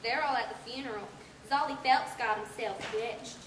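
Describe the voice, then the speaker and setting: A woman's voice: a little high, moderate pace, fairly bright tone, close to an everyday voice. A young actress in a school play playing a brash, fibbing orphan girl with rural talk. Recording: roomy stage sound from far off, noisy.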